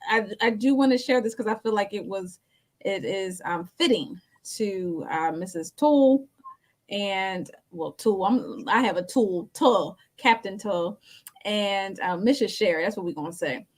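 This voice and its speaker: A woman's voice: medium pitch, measured pace, poor audio. A woman co-hosting a talk show, speaking in an easygoing, folksy way and reading scripture aloud. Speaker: co-host. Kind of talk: casual chat and scripture reading.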